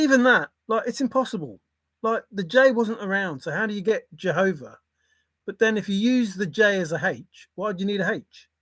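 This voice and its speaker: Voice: mid-range voice, dry recording. An older grandparent hosting a casual livestream, rambling irreverently and swearing offhand as they react to chat. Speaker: livestream host reading chat.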